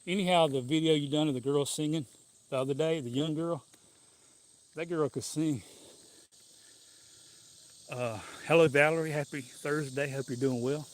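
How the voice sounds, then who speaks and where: A man walks in the sun while live-streaming, speaking at normal speed in a slightly high voice with fairly even intonation and long pauses. Loose and jokey, he rambles casually to his audience and chuckles along the way.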